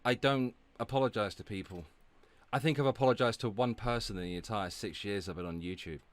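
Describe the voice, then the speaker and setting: A man's voice: lowish voice, brisk. A man streaming live, ranting with heavy swearing and sarcasm and stopping to thank viewers for donations. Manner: profane, sarcastic, loud outbursts. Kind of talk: ranting livestream chat.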